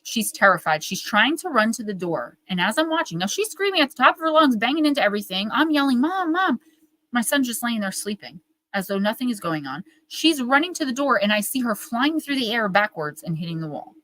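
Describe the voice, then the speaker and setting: A woman in her forties, a medium and author, telling stories in a casual interview with an animated manner and many fillers. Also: on the high side, brisk, no room sound, rough recording. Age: 40s.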